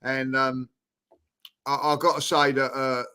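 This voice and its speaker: A man's voice: mid-range voice, level tone, unhurried, pushed and bright, clear, resonant tone. A man, tired out, chatting bluntly and animatedly about football as co-host. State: exhausted. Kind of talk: casual football chat.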